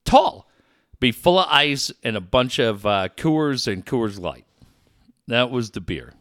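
A man's voice: mid-range voice, very animated, slow pace, fairly bright tone, no room sound, clean studio sound. A middle-aged man hosting a sports talk show, telling a profane story with lots of laughter. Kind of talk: casual storytelling chat.

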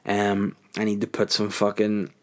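A man's voice: lowish voice, completely flat delivery, a little slow, close to an everyday voice. A man imitating his impatient, nagging fiancee.

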